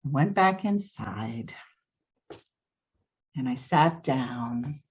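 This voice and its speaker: A woman's voice: extremely low pitch, expressive, drawn-out words. A woman telling a personal story to an audience, vivid and emotional, her voice jumping up at tense moments. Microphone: video call. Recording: slightly dull video call audio.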